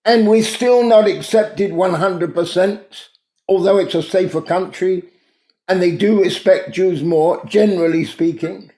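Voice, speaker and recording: A man's voice: high voice, measured pace, mellow. A man hosting a daily talk, telling a moral story in an earnest, emphatic way. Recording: roomy echo.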